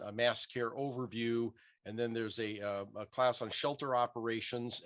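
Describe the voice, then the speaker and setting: Regular guy on a zoom call, mid pitch, eager and earnest, jumps in with tips. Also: fairly bright tone. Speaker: call participant. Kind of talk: Zoom meeting comment. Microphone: video call.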